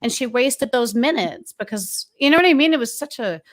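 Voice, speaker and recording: A woman's voice: on the high side, animated, fairly quick. A woman on a casual livestream panel, talking reflectively and often trailing off to restart her sentences.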